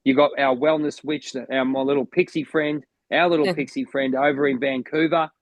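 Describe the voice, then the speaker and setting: Co-hosting a podcast, this Australian motivational coach talks in a loose, eager, wandering style full of false starts. He speaks at a normal pace in a mid-range voice with fairly even intonation, recorded dry.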